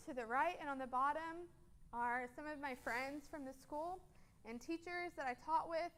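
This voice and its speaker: A woman's voice: sits high, a bit bright. A woman in her twenties, a guest speaker at a church, telling a personal story over photos in an earnest, casual way with frequent ums.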